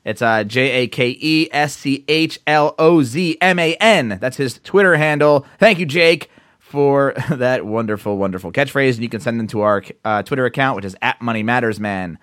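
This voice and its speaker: A man's voice: medium pitch, lively intonation, moderate pace, a bit bright, no echo, clean studio sound. A man with a New Jersey accent co-hosting a casual podcast, chatty and laughing as he tells stories. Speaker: podcast co-host.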